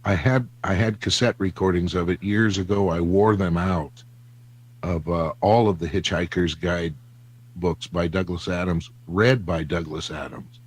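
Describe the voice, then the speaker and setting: Man, low voice, dry humor, deliberate, podcast talk. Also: steady tone, breathy edge, poor audio. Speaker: podcast co-host. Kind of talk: casual book discussion.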